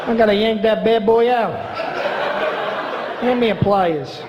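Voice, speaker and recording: A man playing a blunt, crude doctor from Brooklyn with a Brooklyn accent, talking loudly. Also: high-pitched, unhurried, lo-fi sound. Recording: reverberant live club with audience noise.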